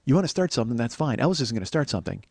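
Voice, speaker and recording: A man's voice: medium pitch, sing-song, rapid-fire, creaky, noisy background. A man hosting a comedy podcast, riffing through a rambling, profane monologue and cracking himself up. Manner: profane, rambling, breaks into laughter. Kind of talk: comic monologue.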